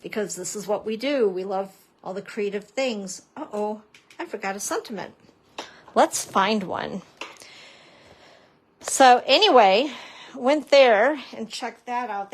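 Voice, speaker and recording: A woman's voice: medium pitch, a little slow. A woman papercrafting instructor chatting through a casual live-stream craft demo, playful and self-mocking with joking asides.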